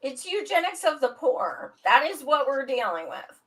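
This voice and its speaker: A woman's voice: sits high, very animated, normal speed, fairly bright tone, poor audio. A blunt woman who swears freely and speaks emphatically in a casual panel chat. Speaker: podcast guest.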